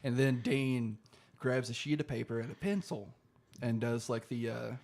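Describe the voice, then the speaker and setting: A young man co-hosting a casual podcast, retelling a show's plot in loose, rambling fashion. He laughs often and swears freely. His voice sits at an ordinary middle pitch. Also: normal speed, gravelly, darkish tone. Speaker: podcast co-host. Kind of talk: casual chat, recapping an episode.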